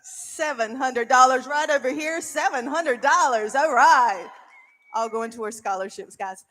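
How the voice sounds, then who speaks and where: A woman auctioneer calling bids at a charity auction in quick, repetitive, playful rounds. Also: sits high, pushed and bright, slight background noise. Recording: reverberant event hall.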